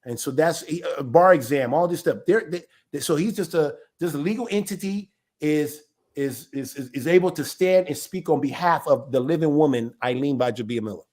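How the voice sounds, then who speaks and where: Male ministry elder with a high voice, informal and emphatic, teaches by asking rhetorical questions and answering them. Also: moderate pace, a little mellow.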